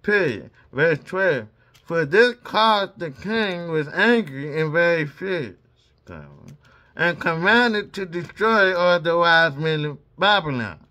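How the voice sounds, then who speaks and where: A man's voice: on the high side, lively intonation, slow pace, sharp tone. A man reading scripture aloud, speaking every punctuation mark and breaking off for casual asides between verses. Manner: reads punctuation marks aloud. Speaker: Bible reader.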